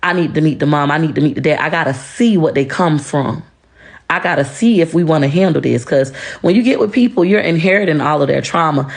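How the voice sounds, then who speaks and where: Gravelly, profane woman ranting. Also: low voice, fairly quick. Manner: profane, confrontational, blunt; lecturing, emphatic. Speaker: social media personality. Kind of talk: ranting to-camera monologue.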